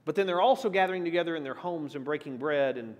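A fairly high-voiced man leads a midweek church class, chatting and firing questions at the room. His voice carries a long reverb from the hall around him. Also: fast. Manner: asks the class questions, lively, shifting emphasis. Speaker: pastor teaching a church class. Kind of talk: conversational Bible teaching.

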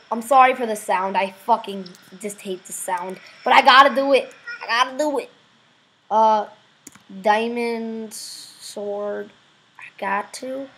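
A woman giving casual, excitable let's-play commentary, swearing freely and breaking into loud sudden exclamations. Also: on the high side, husky, low-quality recording. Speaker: gameplay video host.

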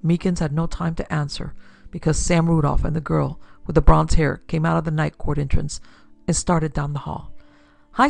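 A woman narrating a classic pulp detective story in a steady, measured way. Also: sits low, creaky, no room sound. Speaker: narrator and producer. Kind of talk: scripted audiobook narration.

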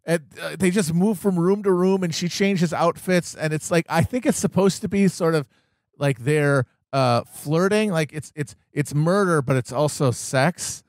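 Exasperated man with a high voice. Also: moderate pace, dry recording, clean studio sound. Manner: exasperated, groaning reactions. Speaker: podcast co-host. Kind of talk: casual comedic film review chat.

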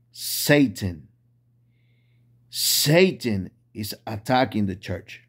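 Fervent man preaching in halting English. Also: mid-range voice. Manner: fervent, repetitive, halting restarts in non-native English. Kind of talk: impassioned preaching monologue.

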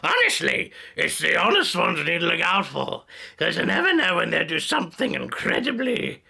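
A man's voice: sits high, wildly swooping pitch, normal speed, creaky, pushed and bright, breathy edge, exaggerated voice. A man doing a sly scheming pirate captain. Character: sly pirate captain mixed with a mad scientist.

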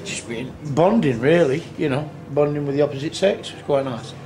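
A man's voice: on the high side, expressive, brisk, darkish tone. A man telling a rambling, earthy anecdote, swearing and acting out what people said. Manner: rambling, earthy storyteller who swears and acts out quotes. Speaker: tribute band singer. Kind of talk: casual anecdote. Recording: noisy on-location recording.

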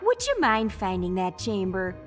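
A sweet game character asking a favor, voice swoops all over the place. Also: female voice, medium pitch, huge pitch swings, unhurried, loud music behind the voice. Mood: coaxing.

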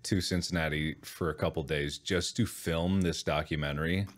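A man with a very deep, low voice co-hosts a casual podcast, trading playful jokes with his friends. He speaks from a home office over a voice-call mic. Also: steady tone, moderate pace. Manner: playful, jokey banter. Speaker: podcast co-host. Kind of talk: casual chat. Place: home office, unfinished and loud.

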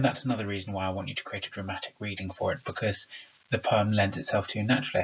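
Male teacher, remote lesson, low husky voice, patient explainer, dull lo-fi recording. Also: fairly bright tone. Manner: explanatory, stresses rhythm aloud.

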